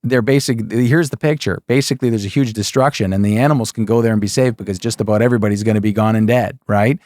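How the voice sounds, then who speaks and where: A man with a fairly low voice teaches the Bible in a loose, conversational way. He pokes fun at his point with tongue-in-cheek rhetorical questions and keeps checking in with "okay?" The sound is dry and close, with no room behind it. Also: fairly even intonation, fast talker, darkish tone, no echo. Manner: folksy, keeps saying "okay" and "folks".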